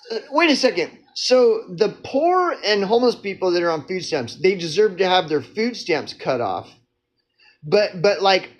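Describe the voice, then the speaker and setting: A man's voice: sits high, muffled recording. A man giving a heated solo political rant, sarcastic and mocking, full of rhetorical questions and restarts. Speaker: political commentator. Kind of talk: ranting solo commentary.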